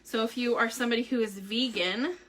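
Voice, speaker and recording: A woman's voice: on the high side, fairly even intonation, brisk, fairly bright tone. A woman vlogger chatting casually to viewers on a live stream from home, bubbly and filler-heavy.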